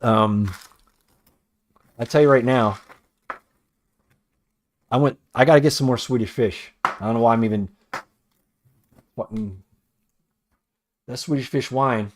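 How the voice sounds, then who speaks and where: A man chats and mutters to himself as he paints, rambling from one thought to the next. He swears freely and grumbles at his own mistakes. His voice sits at an ordinary middle pitch for a man. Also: a little slow, long pauses. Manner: rambling, profane, self-critical muttering. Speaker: toy customizer. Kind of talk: casual painting vlog. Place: cluttered workroom.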